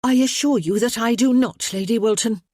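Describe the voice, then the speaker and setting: A woman voicing a sharp-witted young gentlewoman who answers with poised, spirited retorts. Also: fairly high pitch, normal speed, no echo, studio quality, pitched above the performer's own voice, lightly acted. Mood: indignant.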